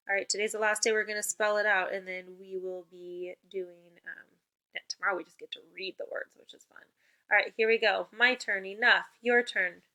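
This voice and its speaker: Teaching spelling remotely to young kids, a woman uses clear call-and-response prompts in an upbeat, encouraging way. Her voice is medium in pitch with a sharp tone.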